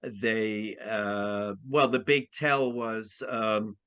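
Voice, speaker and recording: A man's voice: lowish voice, fairly even intonation, drawn-out words, a bit bright, smooth. Rambling man on a dull lo-fi recording. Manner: rambling, many restarts and fillers. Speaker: astrologer guest. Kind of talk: conversational interview. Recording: dull lo-fi sound.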